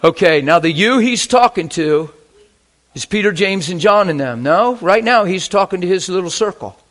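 Animated higher-voiced male preacher. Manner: animated, swings from hushed to loud. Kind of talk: sermon storytelling.

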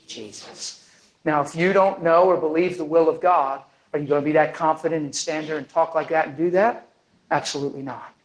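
A man preaching a sermon, telling a story with lively energy and acting out the people in it. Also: on the high side, rough recording. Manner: animated, acts out the people in his stories.

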